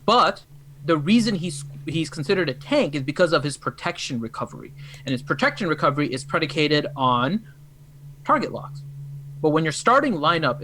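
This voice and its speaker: A man's voice: fairly high pitch, sing-song, brisk, fairly bright tone, slight background noise, low-quality recording. Man explaining game tactics casually. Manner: explanatory, joking. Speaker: co-host. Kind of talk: casual livestream chat.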